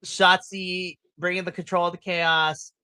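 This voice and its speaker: An excitable man co-hosting a wrestling podcast, full of swearing and loud acted-out reactions. His voice is bright and sits close and dry on the mic. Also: high-pitched, unhurried, clean tone, no room sound. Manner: excitable, swears, animated retellings with shrieks and laughs. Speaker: podcast co-host. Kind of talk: casual wrestling recap chat.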